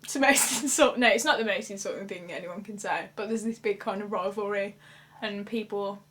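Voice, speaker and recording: A woman's voice: mid-range voice, a little fast. A young woman with a Black Country accent chatting casually and animatedly in an interview. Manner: chatty, animated, laughs while talking. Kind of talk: casual chat.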